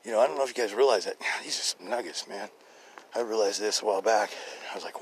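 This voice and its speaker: A man hosting a podcast, telling a faith testimony in rambling, casual talk. He laughs often, drops to hushed murmurs, and jumps into loud, excited quotes. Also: on the high side, fast talker, slight background noise. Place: outdoors in a neighborhood, birds and a dog nearby.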